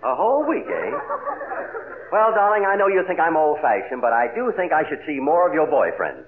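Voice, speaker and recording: A man's voice: a little high, sing-song, a little fast. An actor playing a flustered, bumbling middle-aged father and husband in a 1950s radio comedy. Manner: exasperated, bumbling. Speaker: father of the family. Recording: echoey lo-fi vintage radio broadcast with hiss.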